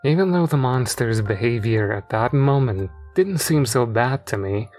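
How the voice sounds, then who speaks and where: A man narrating a horror story in a measured, deadpan way. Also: mid-range voice, faint music behind.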